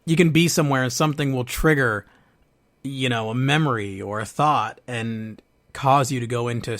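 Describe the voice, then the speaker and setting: A man hosting a podcast, speaking earnestly and haltingly about his own grief and hurt, with frequent restarts. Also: medium pitch, fairly bright tone. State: going through a divorce, sad. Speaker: podcast host. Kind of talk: personal reflective monologue.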